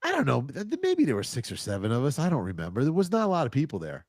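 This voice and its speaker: A man in his fifties casually telling a rambling, animated anecdote, often chuckling as he goes. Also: mid-range voice, rapid-fire, dry recording, studio quality. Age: 50s. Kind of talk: casual storytelling.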